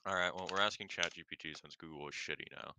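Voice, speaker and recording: A man's voice: low-pitched, fairly even intonation, fast, pushed and bright, clear, resonant tone, no room sound. A young man in casual chat about game code, puzzling it out aloud and reading out answers. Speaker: game developer. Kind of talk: casual chat while coding.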